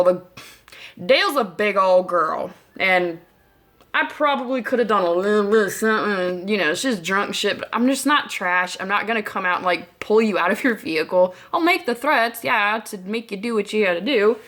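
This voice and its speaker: A woman's voice: mid-range voice, normal speed. A woman telling a story in a casual, blunt way, swearing freely and acting out her own lines. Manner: profane, blunt, animated.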